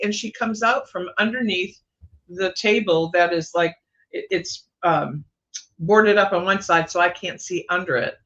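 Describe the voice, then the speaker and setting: A woman's voice: on the low side, normal speed, fairly bright tone, dull audio. A woman, a guest psychic on a livestream, telling a personal ghost story in a meandering way, with many fillers and restarts.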